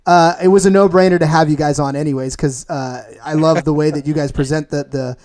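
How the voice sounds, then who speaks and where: A man's voice: fairly high pitch, steady tone, fairly quick, darkish tone. A man hosting a podcast interview, enthusiastic and full of praise, often restarting his sentences. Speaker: podcast host. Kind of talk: casual interview.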